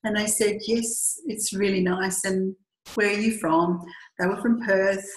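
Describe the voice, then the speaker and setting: A middle-aged Australian woman tells a personal story in an earnest, reflective way, acting out what people said. Her voice sits at an ordinary pitch for a woman. The room around her is noticeably echoey. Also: fairly even intonation, measured pace. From Western Australia. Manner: earnest, reflective, acts out quoted dialogue. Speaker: group tour leader.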